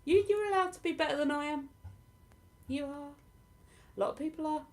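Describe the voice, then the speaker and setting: A woman's voice: sits high, brisk, a little mellow. A woman from southern England with a southern English accent tinged with Lincolnshire, a livestream host chatting casually with viewers, self-deprecating and laughing often. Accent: southern English, partly Lincolnshire. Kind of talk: casual live chat answering viewer comments.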